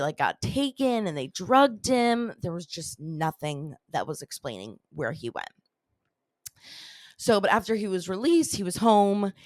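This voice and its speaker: A lower-voiced woman hosting a chatty podcast tells a strange tale, meandering and filling her talk with "like" and "you know." Her voice sounds close and dry. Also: no room sound. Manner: rambling, heavy use of "like" and "you know". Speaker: podcast host. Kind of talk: casual storytelling.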